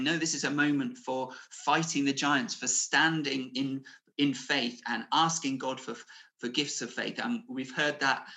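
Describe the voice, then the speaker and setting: A man's voice: medium pitch, bright, forceful tone. A man preaching a sermon over a video call, earnest and conversational, with fillers and restarts, rising to emphatic declarations. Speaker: pastor.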